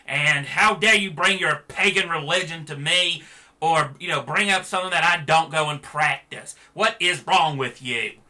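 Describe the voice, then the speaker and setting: A man putting on a shouting, outraged churchgoer. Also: fairly high pitch, normal speed, pitched above the performer's own voice. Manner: indignant, ranting, accusing.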